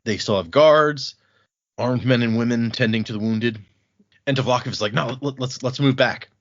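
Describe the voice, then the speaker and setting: A man co-hosting a podcast, casually recapping book chapters and paraphrasing the characters' lines in an animated way. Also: medium pitch, moderate pace, dull audio. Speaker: podcast co-host.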